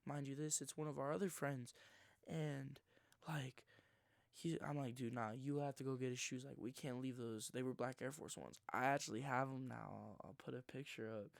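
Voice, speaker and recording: A man in his twenties telling a rambling, slangy story in his own words, sometimes dropping into a hushed near-whisper. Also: mid-range voice, fairly even intonation, normal speed, vocal fry, dry recording. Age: 20s. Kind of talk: casual first-person storytelling.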